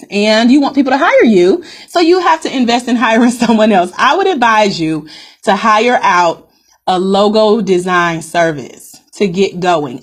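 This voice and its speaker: Woman coach doing a live stream, upbeat, keeps saying "guys", repeats stuff so it sinks in. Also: medium pitch. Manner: upbeat, addresses viewers as "guys", repeats key points. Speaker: business coach hosting a live call.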